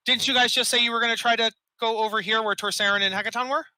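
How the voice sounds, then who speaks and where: A man's voice: very high-pitched, fairly even intonation, rapid-fire, bright, forceful tone, rough recording. A man running an online tabletop game as dungeon master, patiently explaining rules and chuckling often. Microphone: desk mic.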